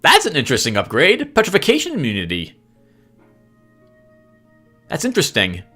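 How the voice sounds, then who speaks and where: A man's voice: on the high side, wildly swooping pitch, normal speed, bright, forceful tone, husky, soft background music. A man giving chatty gameplay commentary as host, laughing often and sounding sheepishly apologetic. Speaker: let's play host.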